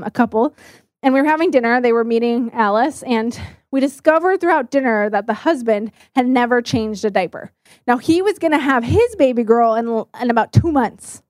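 A woman's voice: on the high side, dry recording, clean studio sound. A young woman telling candid personal stories to an audience, with lots of "like" and "um" along the way. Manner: candid and animated, many fillers like "like" and "um". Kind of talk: personal storytelling talk.

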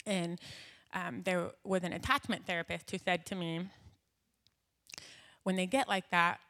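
A woman's voice: lowish voice, fairly even intonation, a little slow, bright, forceful tone. A woman in her thirties giving a heartfelt, conversational testimony to a church gathering, with frequent fillers and an emotional tone. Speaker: church speaker. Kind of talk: personal testimony in a church talk.

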